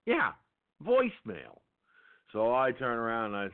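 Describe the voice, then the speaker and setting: Man, ranting host, lively swinging pitch, profane, tinny phone-line sound. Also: a little slow, smooth. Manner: profane, angry storytelling. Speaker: internet radio show host. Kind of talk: ranting monologue.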